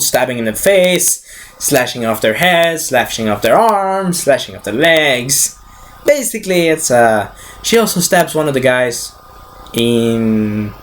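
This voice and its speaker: A man giving a casual, rambling movie recap, swearing freely, correcting himself as he goes and acting out the scenes. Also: on the high side. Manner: restarts and self-corrections. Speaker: movie reviewer.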